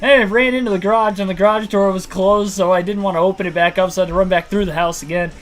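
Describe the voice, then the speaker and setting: A man's voice: high-pitched, fairly even intonation, fast talker, faint music behind. A young man streaming a racing game, out of breath and talking in a rambling, laughing way. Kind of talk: casual livestream chat. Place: room at home.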